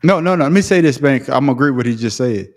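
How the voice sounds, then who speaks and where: A man with a country Southern accent, co-hosting a casual podcast chat, talking in a profane, animated, self-mocking way with frequent laughter. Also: mid-range voice, racing. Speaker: podcast co-host. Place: remote call.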